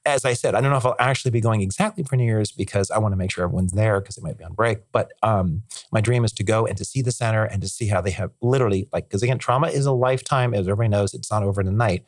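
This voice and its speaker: A man talks quickly on a podcast, tumbling from one eager thought to the next. His voice sits a little low and sounds dry and close to the mic, with no room behind it. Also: no echo. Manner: rambling, enthusiastic, piles up filler words and restarts. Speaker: podcast guest. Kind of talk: casual conversational interview.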